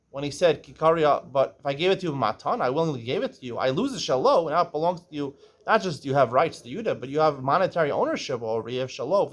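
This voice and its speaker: A man teaching a casual Talmud lesson. He reads Aramaic phrases aloud, translates them, and explains each step, often checking in with "right?". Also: on the high side.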